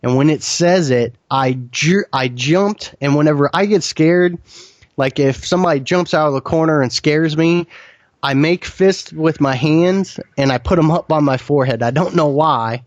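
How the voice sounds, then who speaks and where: A man's voice: fairly high pitch, moderate pace, no room sound, lo-fi sound. A man earnestly recounting a frightening encounter in detail as an interview guest, often restarting his sentences. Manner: earnest, vivid retelling with frequent restarts. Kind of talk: first-person storytelling.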